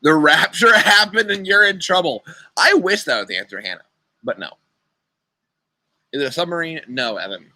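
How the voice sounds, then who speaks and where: Young male youth leader, casual and chatty, bright voice, computer mic. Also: fairly high pitch, lively intonation, normal speed, long pauses, dry recording, poor audio. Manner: chatty, playful, talks to kids by name. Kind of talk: casual online riddle game. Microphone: computer mic on a video call.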